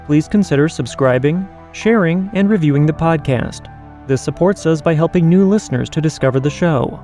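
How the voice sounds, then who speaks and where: Mellow-voiced male podcast host. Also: fairly high pitch. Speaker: podcast host reading listener stories. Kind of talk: scripted podcast narration.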